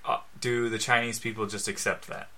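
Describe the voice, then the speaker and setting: A man's voice: lowish voice, level tone, a little fast, sharp tone. A man co-hosting a casual comedy podcast, asking questions, hesitating and laughing easily. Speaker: podcast co-host.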